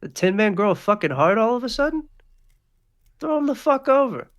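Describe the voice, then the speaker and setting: A man's voice: sits high, lively intonation, slow, a bit bright, clean tone, pitched above the performer's own voice, heavily acted. A man voicing a menacing male crime boss in a suit who taunts his captive. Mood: mocking. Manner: mocking, taunting.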